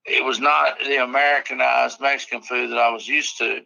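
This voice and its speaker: A man's voice: medium pitch, steady tone, moderate pace, gravelly, sharp tone, dry recording, muffled recording. A man in a casual podcast chat, telling rambling stories full of swearing. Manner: profane, rambling storyteller. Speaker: podcast guest or co-host.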